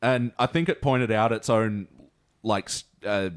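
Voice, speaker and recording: A man's voice: fairly low pitch, unhurried, smooth. A young man co-hosting a podcast, chatting casually and laughing often as he reviews episodes. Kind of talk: casual chat.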